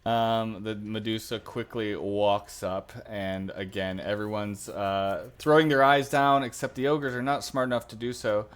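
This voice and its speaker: A man narrating as game master of a tabletop game, deliberate and with fillers. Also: fairly low pitch, steady tone, clear, resonant tone. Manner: slow, deliberate, uses fillers.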